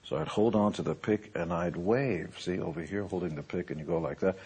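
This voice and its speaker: A man's voice: low voice, brisk, a little mellow, breathy edge. A man in his sixties, a musician turned businessman, giving a boastful, joking motivational talk. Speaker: musician and entrepreneur.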